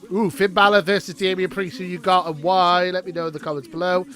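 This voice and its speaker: A young man with a slightly high voice rambles through a live watchalong, chatty and excitable, reacting as he goes. Faint music plays behind him. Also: a little fast. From Wales. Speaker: streamer. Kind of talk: casual live watchalong commentary.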